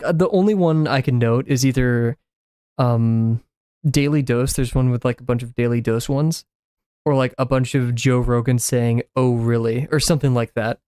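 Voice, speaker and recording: A man's voice: medium pitch, mellow, smooth, no room sound. A man musing aloud as he draws, his talk loose and full of fillers and restarts. His voice sits mid-range and sounds dry and close, with almost no room around it. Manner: rambling, filler-heavy musing. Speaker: art streamer. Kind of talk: casual chat while drawing.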